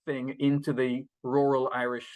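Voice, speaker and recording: A man's voice: mid-range voice, completely flat delivery, moderate pace, a little mellow. A man co-hosting a podcast, talking casually about films, rambling with many fillers and restarts and laughing often. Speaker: podcast co-host. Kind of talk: casual film review chat.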